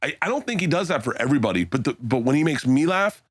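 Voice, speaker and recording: A comedian telling stories in a casual podcast chat, acting out quotes and laughing loudly. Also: male voice, medium pitch, quick pace, slightly rough, dry recording, studio quality. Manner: animated storyteller, acts out quotes, laughs loudly.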